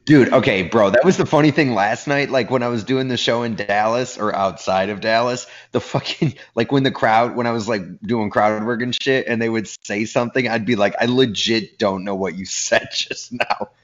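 A man co-hosting a casual podcast over a video call, teasing his friend and telling animated stories from his comedy gigs. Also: medium pitch, brisk, hardly any pauses, highs cut off. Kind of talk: casual banter.

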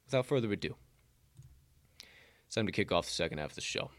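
A man co-hosting a sports betting podcast, talking casually with loud, profane, showman-style hype and ad reads. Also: low voice, lively intonation, fast talker.

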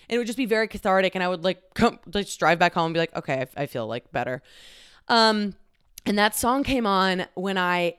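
A woman's voice: lowish voice, smooth, dry recording, clean studio sound. A woman in her twenties from the Dallas-Fort Worth area, hosting a casual solo podcast and talking candidly with lots of "like" fillers and some swearing. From Dallas-Fort Worth area, Texas. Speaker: podcast host. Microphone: close studio microphone.

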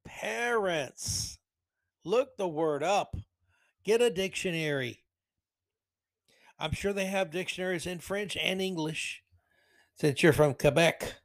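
Slow, sarcastic ranting man. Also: sits high. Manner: sarcastic, ranting, hammers key words. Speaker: podcast host. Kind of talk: solo opinion podcast.

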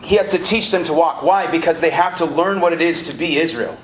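A college ministry director gives a live sermon to students in a lecture hall or auditorium, speaking a little fast in a slightly high, fairly bright voice. He chats, jokes, and has the crowd respond aloud. The room sounds roomy, with faint ambient noise.

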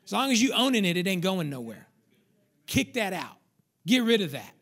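High-voiced preaching man, emphatic. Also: very animated, fairly quick, a bit bright. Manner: emphatic preaching, repeats lines for stress, acts out inner voices. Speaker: pastor. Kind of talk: sermon.

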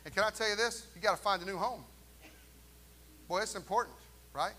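A man preaching a lively sermon in a church, joking with the congregation and calling for responses. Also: sits high, a little fast, a little hiss or hum. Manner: animated preaching with jokes and call-and-response asides. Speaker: pastor. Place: church sanctuary.

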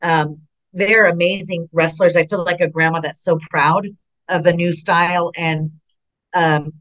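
A woman's voice: on the low side, little pitch movement, a little slow, a bit bright. A chatty middle-aged woman from California, a retired wrestler, telling stories as an interview guest and often restarting her sentences. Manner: chatty storyteller, rambling with many restarts. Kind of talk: casual interview chat.

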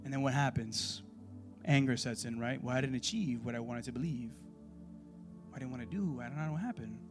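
A man leading a church Bible class in a casual, sermon-style way, animated and conversational, full of rhetorical questions. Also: medium pitch, a little fast, over music.

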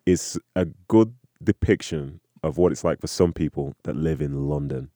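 A man chatting casually as a co-host, telling stories with an animated, joking manner. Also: extremely low pitch, no echo, studio quality. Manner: animated, jokey storytelling with quick impressions. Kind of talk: casual chat.

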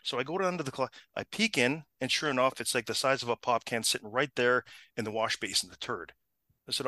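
A middle-aged man spins a funny story in casual chat, his voice bright and forceful. He is animated and laughs often, acting out the people he talks about. The sound is dry and close. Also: mid-range voice, fast, dry recording.

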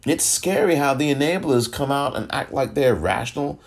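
A man hosting a solo political podcast, ranting with exasperation, swearing freely and throwing in sarcastic asides. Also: medium pitch. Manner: animated, exasperated, profane, quick sarcastic asides. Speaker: podcast host.

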